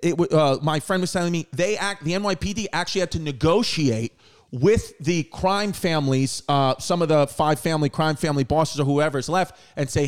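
Rambling New man, fairly high voice. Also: brisk, smooth. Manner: rambling storyteller, restarts mid-sentence. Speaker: podcast host. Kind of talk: casual chat.

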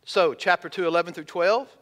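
Man, pastor, high voice, emphatic sermon, dramatic pauses, drawn-out scripture reading. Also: a bit bright.

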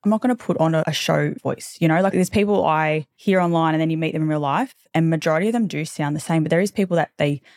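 Speaking fast with few pauses, a thirtysomething woman hosts a podcast in loose, candid chat full of casual swearing and side tangents. Her low voice is a little mellow and not girly, recorded at studio quality without any room sound.

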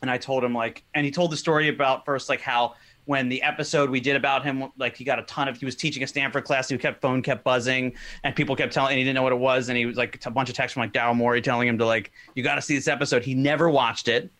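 A man's voice: medium pitch, level tone, fast, a bit bright. A man co-hosting a podcast in casual chat, telling rambling stories full of fillers and restarts. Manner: rambling storytelling with many fillers. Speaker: podcast co-host.

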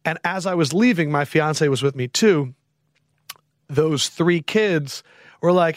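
A man in his thirties hosting a podcast, telling stories in a casual, animated way, acting out quoted voices and swearing freely. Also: on the high side, measured pace, dry recording, studio quality. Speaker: podcast host. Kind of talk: casual storytelling chat.

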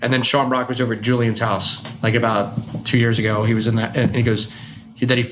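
A man talks quickly in a loose, chatty way, winding through long anecdotes and often circling back mid-sentence. His pitch sits in an ordinary middle range, and a faint hiss runs under the recording. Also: flat delivery. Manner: rambling storyteller, trailing off and restarting. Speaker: bar owner and whiskey collector. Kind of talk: casual chat.

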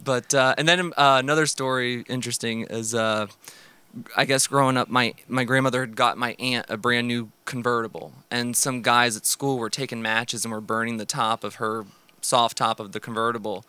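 Young man, bright and smooth voice, rambling storyteller, laughing, dry close mic. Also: mid-range voice, fairly even intonation, a little fast, dry recording. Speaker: guest. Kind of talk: casual storytelling on a podcast.

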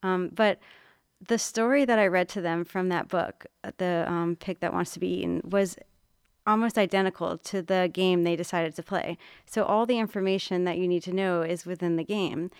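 A woman's voice: fairly low pitch, moderate pace, clear, resonant tone, no echo, clean studio sound. A middle-aged woman, a mother and art teacher, telling a long story in casual chat and acting out the voices she quotes. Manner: animated storyteller, acts out quotes.

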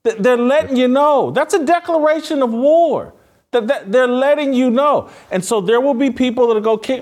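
A man's voice: extremely high pitch, normal speed, darkish tone. A man hosting a political talk show, speaking fervently with frequent restarts. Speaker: podcast host.

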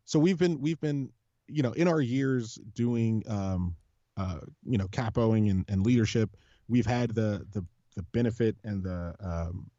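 A man with a mellow, dark voice chats on a podcast, rambling through fan stories with many restarts and plenty of swearing. The sound is dry and a little muffled, with no room echo. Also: fairly low pitch, unhurried. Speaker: podcast co-host, supporters' group leader. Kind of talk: casual podcast chat.

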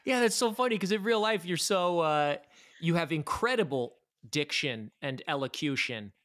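Man, podcast co-host, casual and excitable, slightly higher voice. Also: normal speed. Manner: enthusiastic, laughs often.

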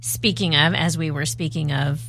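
A woman's voice: deep voice, steady tone, fairly bright tone, slight background noise. Wry woman in casual podcast chat. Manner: wry, chatty, quick asides. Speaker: podcast co-host.

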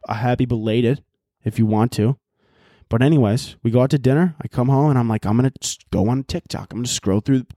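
A young man hosting a solo podcast at home, talking in a loud, profane, animated rant and shouting at times, recorded on laptop audio. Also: medium pitch, dry recording, clean studio sound. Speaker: podcast host.

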